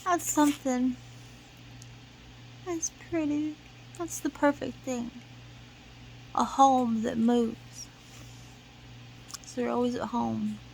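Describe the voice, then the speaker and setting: A woman's voice: fairly high pitch, vocal fry, darkish tone, slight background noise, low-quality recording. A woman telling a rambling, emotional story in a casual vlog, sometimes drifting into half-whispered singing. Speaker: vlogger.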